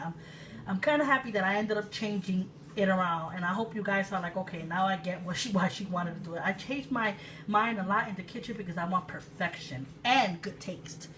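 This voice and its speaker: A woman from Puerto Rico in her thirties, an excitable, chatty cooking-channel host with sudden loud exclamations and laughter, talking casually in her home kitchen. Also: lowish voice. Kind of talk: casual cooking vlog chat. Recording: distant mic with room noise.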